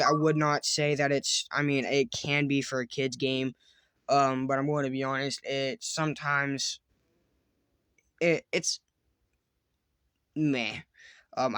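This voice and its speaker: A man's voice: a little high, fairly bright tone, smooth, dry recording. A man hosting a let's-play, reading a text adventure aloud with casual chatty commentary, often stumbling over words and restarting. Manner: stumbling reads, restarts and fillers.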